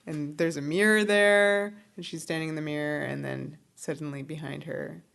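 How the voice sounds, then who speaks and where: A woman's voice: low voice, fairly even intonation, normal speed, vocal fry, fairly bright tone. A woman co-hosting a podcast, recapping scenes of an episode in casual chat and laughing along. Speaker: podcast co-host.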